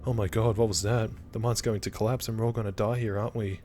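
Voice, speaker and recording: A man's voice: fairly low pitch, steady tone, fast, darkish tone, close to an everyday voice. A man voicing an anxious young woman who frets and always expects disaster. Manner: fretful, catastrophizing. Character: jumpy anxious young woman, quick to panic.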